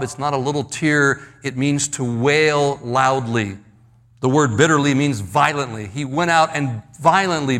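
A man preaching a verse-by-verse sermon, slowing down and dropping his voice low to stress key words, often repeating himself. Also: a bit bright. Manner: slows and drops low for emphasis, repeats words. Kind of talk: expository sermon.

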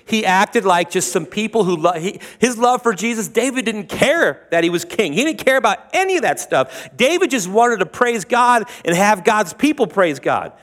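A man's voice: high voice, expressive, normal speed, few pauses, fairly bright tone, long reverb tail. A man preaching a sermon, retelling scripture in a conversational, joking way with asides to the congregation. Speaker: pastor.

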